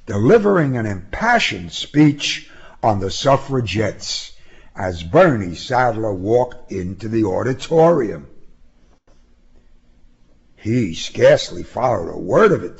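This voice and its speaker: A man narrating a story in a measured, expressive way. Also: mid-range voice, breathy edge, lo-fi sound. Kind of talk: audiobook narration.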